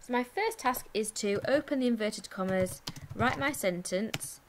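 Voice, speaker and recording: A woman's voice: fairly high pitch, noisy background. English woman teaching a lesson. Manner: clear, step-by-step explaining, slowing to dictate. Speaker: primary school teacher. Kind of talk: recorded online lesson.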